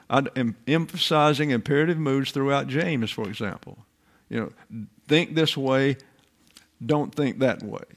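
Older man teaching a sermon. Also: medium pitch. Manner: deliberate, emphatic, repeats phrases. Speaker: Bible teacher. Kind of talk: sermon, classroom Bible teaching.

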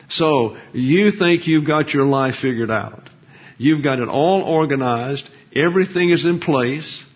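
A man preaching a Bible teaching sermon, digressive and folksy, explaining words with many fillers. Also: fairly high pitch. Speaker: pastor. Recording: dull lo-fi recording.

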